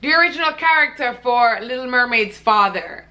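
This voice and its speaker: A woman's voice: a little high, expressive, moderate pace, sharp tone. A young woman vlogger ranting to camera in a blunt, heated, profane way. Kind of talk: casual vlog rant.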